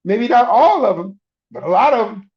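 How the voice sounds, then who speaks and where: Emphatic middle-aged preacher with a high voice; repeats and restarts in sermon chat, dull lo-fi sound. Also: male voice, big pitch swings, normal speed. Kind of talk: conversational sermon.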